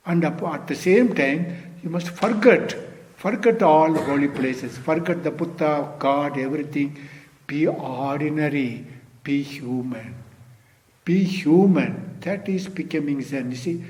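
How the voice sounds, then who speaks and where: An older man giving an unhurried Zen dharma talk, often saying "you see". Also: on the high side, a little mellow, big-room sound. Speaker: Zen teacher.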